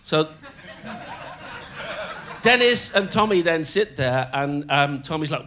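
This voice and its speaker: Older man telling lively anecdotes. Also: fairly high pitch, a little hiss or hum. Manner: animated, often laughing while telling, doing quick voices of others. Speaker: comedian guest. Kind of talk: storytelling anecdotes in conversation. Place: on stage in a theatre before a live audience.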